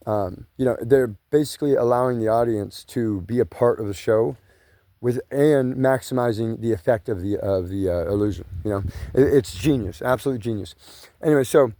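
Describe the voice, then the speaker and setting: A man's voice: mid-range voice, moderate pace, mellow, dry recording. A man, rambling casually and profanely while pacing along grassland trails outdoors. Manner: rambling, profane, says "you know" and "bro" a lot. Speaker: vlogger.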